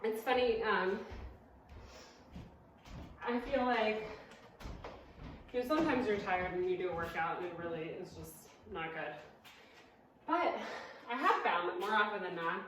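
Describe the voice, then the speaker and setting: A woman's voice: medium pitch, animated, a little slow, pauses often, fairly bright tone, a little hiss or hum. Breathless woman fitness instructor in echoey room. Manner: upbeat, counts down reps, chatty asides. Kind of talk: live workout class cueing. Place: indoor room at home, evening workout. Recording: very echoey room, mic far off.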